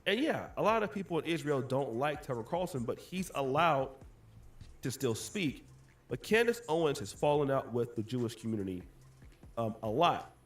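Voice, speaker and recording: A man in explanatory commentary, walking listeners through a story step by step. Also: mid-range voice.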